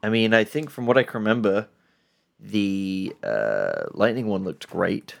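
A man's voice: fairly low pitch, big pitch swings, measured pace, gravelly. A man, co-hosting a casual podcast chat about video games with blunt, jokey asides. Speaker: podcast co-host.

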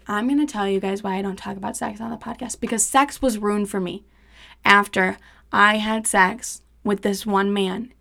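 A young woman hosting a podcast, telling a story in casual, animated, profane chat and acting out the quoted dialogue. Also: medium pitch, normal speed, creaky. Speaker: podcast host.

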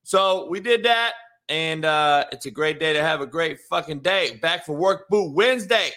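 Bright-voiced hyped man hosting a podcast. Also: on the high side, lively intonation, moderate pace. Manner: hyped, profane, slangy. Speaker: podcast host. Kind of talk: casual solo podcast chat.

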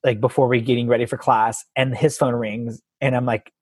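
A man with a husky voice, a guest telling an animated story in casual chat and acting out the quotes. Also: mid-range voice, moderate pace, dry recording.

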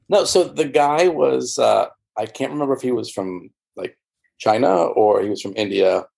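A man's voice: medium pitch, expressive, unhurried, creaky. A man, an interview guest and former church member, recounting his experiences in a rambling, candid way with many fillers and restarts. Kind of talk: candid conversational storytelling.

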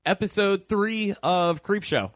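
Male podcast co-host, slightly high voice, dry close sound, excitable and sweary. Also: slow, no room sound. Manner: excitable, swears, mock-annoyed. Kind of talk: casual banter about movies and TV.

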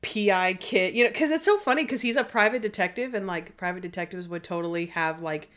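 Woman, podcast co-host, casual chat, animated, middle pitch. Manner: animated, quotes characters in quick bursts.

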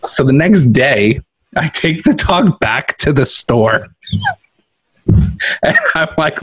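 A man with a slightly husky voice spins a funny personal story in casual podcast chat, laughing along the way. He is recorded in a makeshift studio, and the sound is dry with no room echo. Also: mid-range voice, slow pace, long pauses. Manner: animated storyteller who laughs often. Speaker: podcast co-host.

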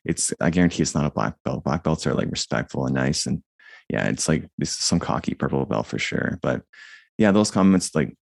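A man with a monotone voice, chatting casually about his jiu-jitsu videos and the comments he gets, with many fillers and restarts. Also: a bass voice, brisk, creaky, no room sound. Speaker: jiu-jitsu YouTuber and guest. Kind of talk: casual conversation.

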